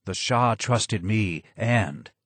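A man doing a hoarse, broken old advisor. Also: lively intonation, fairly bright tone, no room sound, heavily acted. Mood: sorrowful. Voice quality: low and hoarse. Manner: slow, heavy, sad. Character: broken, maimed old male former royal advisor.

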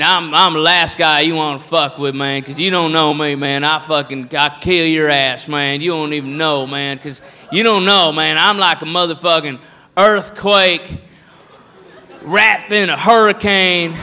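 Drunk redneck bar tough, as a guy puts him on, bragging and threatening, bright voice, big hall echo. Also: fairly high pitch. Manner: swaggering, threatening, drawling. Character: drunk boastful redneck brawler man. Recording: reverberant live hall.

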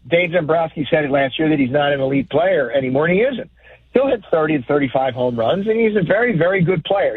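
A man's voice: fairly high pitch, slightly rough, no echo. Blunt man on a tinny phone line. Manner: blunt, animated, mocking impressions. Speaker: guest commentator. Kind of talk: sports talk.

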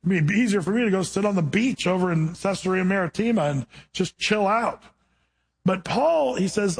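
A man preaching a sermon as pastor, animated and conversational, acting out quoted voices along the way. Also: high-pitched, normal speed, husky.

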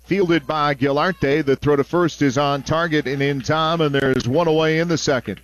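A man calling a baseball game on the radio, mixing play-by-play with relaxed, chatty asides between pitches. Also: moderate pace, a little hiss or hum. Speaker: play-by-play announcer.

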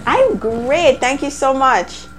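A woman hosting a morning call-in radio show, cheerful and brisk and teasing her callers. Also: sits high, lively intonation, faint music behind. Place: radio studio.

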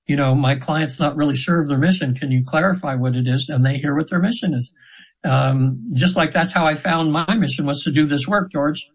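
Low-quality recording captures a slightly rough, mid-range male voice. The man, in his 70s, is a hypnotherapist appearing as an interview guest, telling session stories in an earnest, meandering fashion and often starting again.

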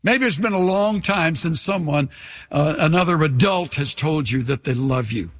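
An older man preaching a sermon in an earnest way, slowing down and dropping to a hush on key lines. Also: a little high, expressive. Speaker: pastor. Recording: long reverb of a large hall.

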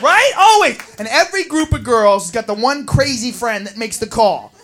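A male stand-up comedian rants crude and profane at the crowd. His voice is very high and bright. He keeps it lively and often shouts. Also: moderate pace, faint music behind. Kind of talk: stand-up set.

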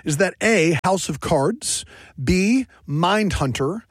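A man's voice: high-pitched, expressive, takes it slowly, no room sound. A man hosting a trivia game, reading questions and adding chatty, upbeat asides. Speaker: quiz host.

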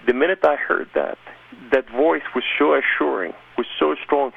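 A man's voice: medium pitch, normal speed, vocal fry, slight background noise. A man giving an emphatic, impassioned personal conversion testimony as an interview guest. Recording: narrow phone-like radio sound.

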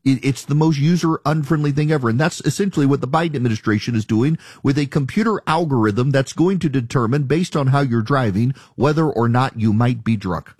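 A man's voice: medium pitch, fairly quick, few pauses, darkish tone, slightly rough, no room sound. A man hosting a talk radio show, delivering an emphatic, argumentative monologue in the studio. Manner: emphatic, argumentative, mocking callers' objections.

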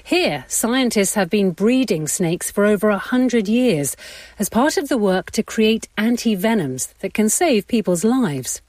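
A woman presenter introducing reports on a radio programme, with clear announcing. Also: mid-range voice, lively intonation, a little slow, a little mellow, no room sound. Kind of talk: scripted programme links.

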